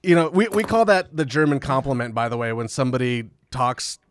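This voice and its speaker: A man's voice: mid-range voice, a little fast, slight background noise. A man guest on a podcast, telling rambling, profane tour stories in casual chat and laughing often. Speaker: podcast guest, metal musician.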